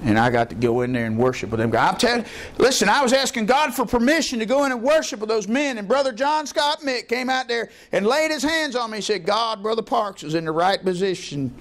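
A man preaching a sermon as pastor, telling folksy stories and climbing into excited high bursts. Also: fast, few pauses. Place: church.

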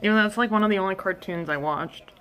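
A woman's voice: medium pitch, fast, fairly bright tone, a little hiss or hum. A young woman streamer chatting casually and rambling while dog sitting at someone's house. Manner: chatty, rambling, self-talk with fillers. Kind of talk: casual live-stream chat.

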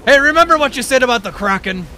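A man's voice: very high-pitched, lively intonation, quick pace, pushed and bright, a little hiss or hum. A man streaming a pirate game with friends, teasing his crew and swearing freely in casual chat. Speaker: streamer, ship captain in game.

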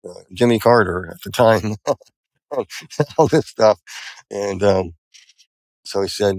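An older man recounts his experience in an earnest, rambling way, often stopping to restart his sentences. His voice sits fairly low. The recording is dry and close. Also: a little slow, long pauses, a little mellow, dry recording, rough recording. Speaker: interview guest. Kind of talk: personal testimony in an interview.

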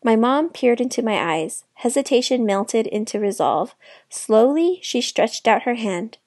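A woman reading a children's novel aloud with clear storytelling narration. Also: on the high side, expressive, measured pace, a little mellow, no room sound, studio quality. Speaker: children's book reader.

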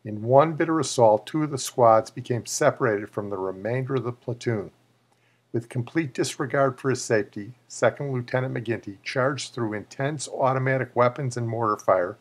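A man with a mid-range voice reads an official citation aloud. His delivery is measured and formal throughout. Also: medium pitch. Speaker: narrator reading a citation. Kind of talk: formal reading.

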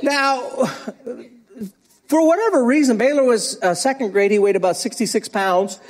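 A middle-aged male pastor preaching a sermon, telling a story in a lively way and often laughing. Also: very high voice, moderate pace, a faint crowd.

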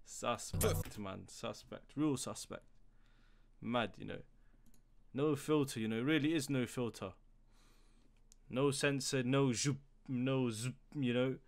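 A young man giving casual commentary as a music reaction host, slang-heavy and breaking into loud, hyped outbursts. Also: medium pitch, takes it slowly, pauses often, slight background noise.

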